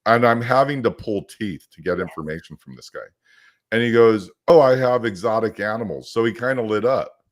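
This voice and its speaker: A man's voice: on the low side, lively intonation, moderate pace. A man co-hosting a casual chat, telling a story energetically and acting out the quotes. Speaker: podcast co-host.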